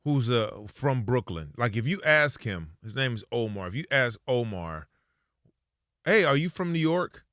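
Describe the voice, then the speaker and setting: A man co-hosting a sports talk show, telling stories in animated, casual chat with playful quoted voices. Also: medium pitch, a little slow, dry recording, studio quality.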